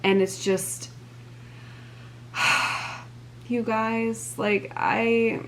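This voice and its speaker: A woman's voice: fairly high pitch, level tone, drawn-out words, fairly bright tone, slight background noise. A young woman vlogger chatting casually while she crafts, gushing and filling her talk with "like" and sighs. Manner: gushing, filler-heavy, breathy sighs.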